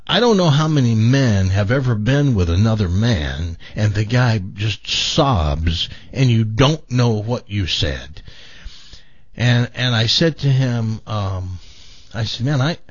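A man's voice: mid-range voice, dry recording, lo-fi sound. An older man hosting a talk show, telling a long personal story with many stammering restarts. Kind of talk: storytelling in casual chat.

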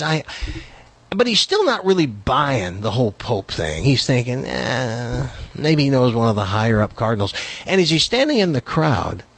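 Animated man telling a long joke. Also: medium pitch, slightly rough. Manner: animated, voices the characters in his jokes; lively, quick-paced delivery. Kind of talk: joke storytelling.

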